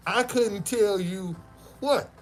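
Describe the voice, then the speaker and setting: A motivational speaker shares his personal testimony with an audience, using casual, slangy speech and stammering restarts as the story unfolds. His voice is high and slow. Faint music plays in the background.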